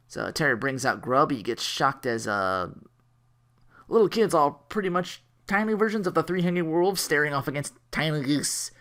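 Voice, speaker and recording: A man reviews an old cartoon in a loose, joking ramble, his pitch swinging up and down as he gets into it. He corrects himself mid-sentence and laughs at his own jokes. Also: a bit bright. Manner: rambling, jokey, self-correcting, laughs often. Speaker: anime reviewer. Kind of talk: casual review commentary.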